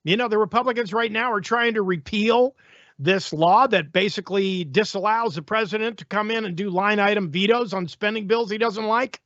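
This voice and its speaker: A male host rants through the news in a high, sharp-edged voice, sarcastic and opinionated. The sound is dry and close, with a slightly muffled, lo-fi quality. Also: moderate pace, no room sound. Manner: sarcastic, ranting. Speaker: talk show host.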